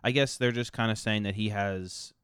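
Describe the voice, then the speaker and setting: On a podcast, a male co-host chats casually, teasing now and then and using lots of fillers. His voice is lowish, clear, and resonant, with a fairly bright tone, fairly even intonation, and a moderate pace. The sound is clean studio audio with no room sound.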